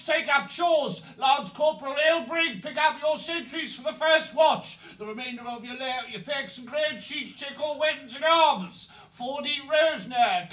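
A man's voice: mid-range voice, bright, forceful tone, husky, pitched above the performer's own voice, heavily acted. A man voicing a stern male hare drill sergeant who barks parade-ground orders.

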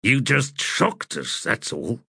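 A man's voice: medium pitch, very animated, slow pace, gravelly, bright, forceful tone, slightly rough, no room sound, studio quality, voice pushed up, exaggerated voice. A man voicing a blunt, plain-spoken soldier in an audiobook.

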